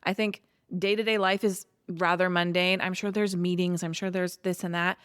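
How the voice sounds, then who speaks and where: In a smooth, lowish voice at moderate speed, this woman co-hosts a podcast and chats casually about a movie. Her take is opinionated and lively, packed with asides, and the studio sound is clean with no echo.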